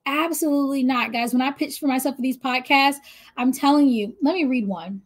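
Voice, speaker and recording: A woman's voice: sits high, a little fast. Chatty woman coaching with a lilt. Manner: chatty, addresses listeners directly, frequent "right?". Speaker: business coach. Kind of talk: casual motivational coaching talk.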